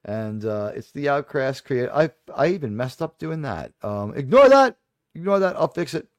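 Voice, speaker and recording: A man's voice: mid-range voice, lively intonation, normal speed, dry recording, studio quality. A man hosting a casual livestream chat, rambling and digressive with sudden aggrieved outbursts. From New York.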